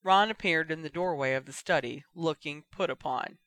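A man narrating a fan fiction audiobook in a steady, expressive storytelling manner. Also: on the high side, moderate pace, dry recording. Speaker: reader.

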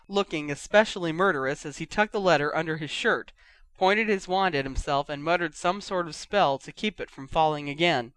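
An audiobook reader narrating a fan fiction story aloud, voicing each character in a lively way. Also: medium pitch, clean tone, dry recording.

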